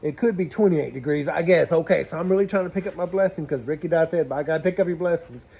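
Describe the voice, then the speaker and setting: Another plumber vlog: the speaker talks fast in a fairly high, creaky voice with a dark tone and a breathy edge. He's folksy and chatty, uses southern-style slang, and plays out the conversations in his casual stories.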